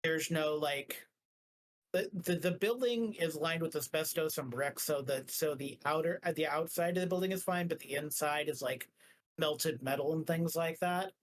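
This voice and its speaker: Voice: medium pitch, moderate pace, a little hiss or hum, low-quality recording. A game master narrating a tabletop game in a rambling casual way, full of filler words.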